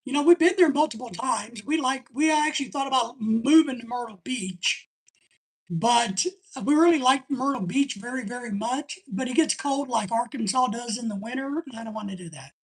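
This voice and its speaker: A woman's voice: on the high side, normal speed, breathy edge. A woman hosting a live stream in casual chat, rambling and chatty as she reads viewer comments aloud.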